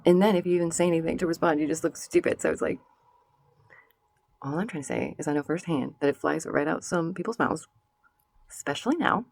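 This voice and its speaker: A woman's voice: sits low, fairly quick, gravelly, pauses often, darkish tone, dry recording. A woman vlogger giving sassy casual commentary straight to her viewers, slipping into mocking voices.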